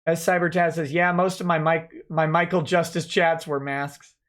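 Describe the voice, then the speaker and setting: Male lawyer host, slightly high voice, casually reading and answering chat. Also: level tone, moderate pace, fairly bright tone. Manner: reads chat messages aloud and replies offhand. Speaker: livestream host reading viewer chats.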